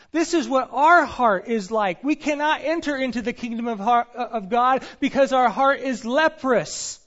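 A man's voice: very high voice, lively intonation, unhurried, a bit bright, highs cut off. A male pastor preaching a sermon in a church sanctuary, earnest and storytelling, with some fillers.

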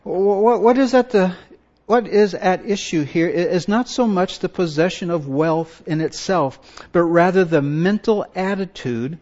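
A man preaching a sermon, slow and emphatic, often stopping to ask his listeners questions and repeating his words. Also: sits high, a little mellow, dull audio.

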